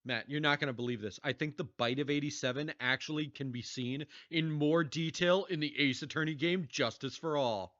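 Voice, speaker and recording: A man's voice: fairly high pitch, a little fast, hardly any pauses, fairly bright tone, no echo, highs cut off. A man streaming a game with a friend, chatting playfully and reading game lines aloud in a joking way. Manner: playful, laughing, reads game dialogue aloud. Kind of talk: casual co-op stream chat with voiced game lines. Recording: faint game music behind.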